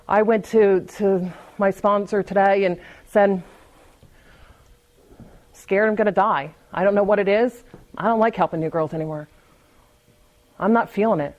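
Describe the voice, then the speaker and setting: A woman's voice: medium pitch, fairly even intonation, normal speed, long pauses, a little mellow, rough recording. Woman sharing her story at a meeting, candid and chatty, lots of restarts and little laughs. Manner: candid and conversational, often restarting and repeating words; laughs lightly between thoughts. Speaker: AA speaker. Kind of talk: personal recovery talk at a meeting.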